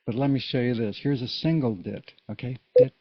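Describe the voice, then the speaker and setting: A man's voice: medium pitch, fairly quick, slight background noise. A man giving a casual, patient Morse code lesson, explaining each step in plain words. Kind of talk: casual spoken tutorial. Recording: dull lo-fi recording.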